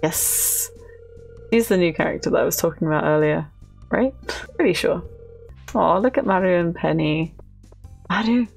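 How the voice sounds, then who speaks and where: A woman's voice: on the low side, normal speed, gravelly, pauses often, darkish tone. A young woman hosting a casual let's play, chatting and giggling as she greets the characters on screen. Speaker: gaming channel host. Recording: faint music behind.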